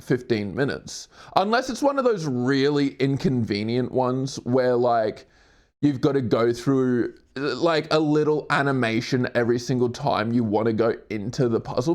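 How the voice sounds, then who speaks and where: Animated, foul-mouthed young man streaming. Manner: profane, goofy, laughs often; slips into silly high put-on voices. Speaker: livestreamer. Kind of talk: casual livestream chat while doing a puzzle.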